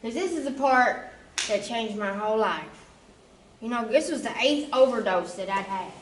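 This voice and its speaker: A woman's voice: on the high side, animated, normal speed, reverberant, recorded from a distance, slight background noise, poor audio. A woman giving an emotional, conversational church testimony, often checking in with her listeners. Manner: emotional, conversational, often asks "you know?". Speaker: testimony speaker.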